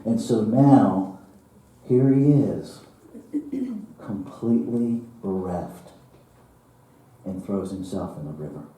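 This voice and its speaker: A male minister giving a sermon, telling a parable slowly and dramatically, with chuckles and hushed drops. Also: fairly low pitch. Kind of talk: sermon storytelling. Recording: roomy church hall, from far off.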